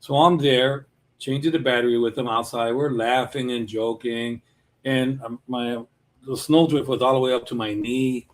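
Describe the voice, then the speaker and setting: A man from Chicago with a Chicago accent, chatting casually with viewers while drawing on a livestream, laid-back and quick to laugh. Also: medium pitch, fairly even intonation. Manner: laid-back, laughs often, restarts sentences. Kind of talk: casual chat.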